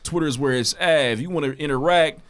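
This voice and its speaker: A man's voice: fairly high pitch, fast talker, fairly bright tone. Hyped man hosting a podcast. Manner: hyped, keeps adding "man". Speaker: podcast co-host. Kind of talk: casual podcast chat.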